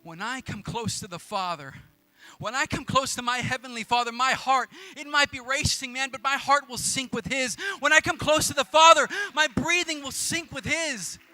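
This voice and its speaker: A man in his thirties preaching a sermon in a church, telling a story in an animated, casual way. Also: extremely high pitch, normal speed, no echo, soft background music. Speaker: pastor.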